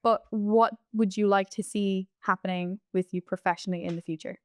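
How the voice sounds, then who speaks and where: Thoughtful woman interviewer, clear voice. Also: medium pitch, steady tone, dry recording. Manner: thoughtful, measured, reflective. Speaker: interviewer, manager. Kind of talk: conversational interview.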